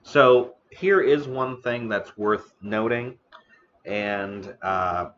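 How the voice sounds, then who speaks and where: A man hosting a casual live stream about the history of noodles, talking slowly with many fillers and restarts, eating now and then. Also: fairly low pitch, fairly bright tone, muffled recording, a little hiss or hum. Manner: eating on stream between remarks. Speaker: streamer host.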